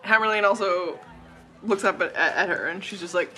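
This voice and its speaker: Bright-voiced joking game master. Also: mid-range voice, a little fast, faint music behind. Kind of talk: narrating a tabletop game.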